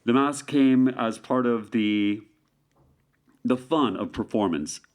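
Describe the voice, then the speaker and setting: A man's voice: mid-range voice, slow pace. A Canadian man talking as a guest street artist in a casual interview, playful and rambling, full of jokes.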